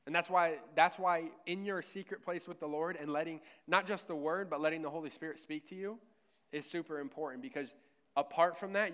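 A man's voice: a little high, fast, a bit bright. A man preaching a sermon at church in a casual, conversational way, often checking in with "right?". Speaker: pastor.

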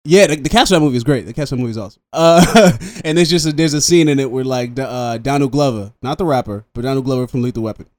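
A male podcast co-host in loose, unscripted conversation. He talks quickly, swears casually and throws himself into his anecdotes. His voice sits close and dry on the microphone. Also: mid-range voice, no room sound. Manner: animated storyteller, swears freely. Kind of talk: casual chat.

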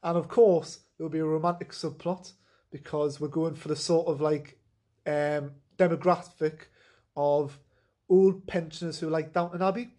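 A man with a high-pitched voice riffs through a made-up film pitch in loose, rambling sentences. He often stops to ask "right?" and fills the gaps with "um." His delivery stays casual and improvised. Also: steady tone, moderate pace, warm tone. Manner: rambling, keeps saying "right?".

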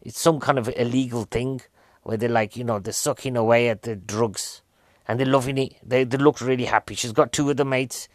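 A man's voice: medium pitch, steady tone, brisk, no room sound. A man giving a rambling, comic recap of a film, full of rhetorical questions. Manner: rambling, chatty, keeps asking "right?" and rhetorical questions. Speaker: film reviewer.

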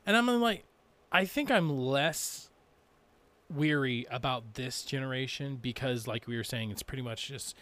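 A man's voice: mid-range voice, a little slow, a bit bright. A man co-hosts a gaming podcast in a loose, casual way. He jokes with his co-host and then explains game abilities step by step in an easygoing tone.

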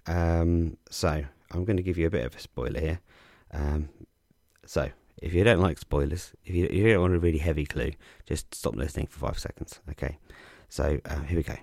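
A man casually explaining crossword clues as a podcast host, relaxed and chatty with frequent ums and restarts. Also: a bass voice, moderate pace, gravelly, no room sound, studio quality.

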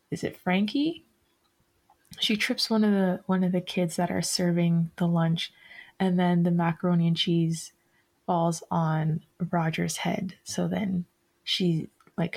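A woman hosting a podcast at an unhurried, slow pace. She talks casually and rambles, stopping often to correct herself and filling pauses with ums and likes. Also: lowish voice, gravelly, a little mellow. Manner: rambling, self-correcting, many fillers. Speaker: podcast host. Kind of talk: casual chat.

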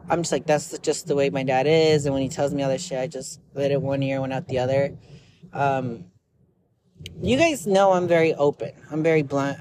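In her personal vlog, a young woman confesses her feelings openly, rambling, blunt and full of filler words. Her voice sits low, and there's background noise.

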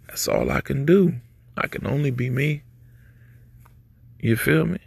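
Male podcast host, gravelly and husky, easygoing preachy delivery. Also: mid-range voice, unhurried, no room sound. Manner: laid-back, preachy, street slang. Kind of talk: casual advice monologue.

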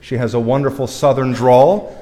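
A man's voice: medium pitch, fairly even intonation, normal speed, warm tone. Man preaching in an echoey hall. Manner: conversational, self-deprecating preaching. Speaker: priest. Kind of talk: sermon.

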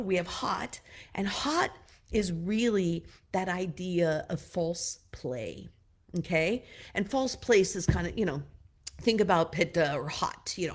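A woman with a somewhat low voice teaches in a relaxed, conversational way. She talks to her listeners directly, coaching them kindly, and her talk is full of fillers like "you know" and "like". It sounds like an informal class rather than a prepared speech. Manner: loose and chatty, many fillers like "you know" and "like"; addresses listeners directly with gentle advice. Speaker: wellness teacher.

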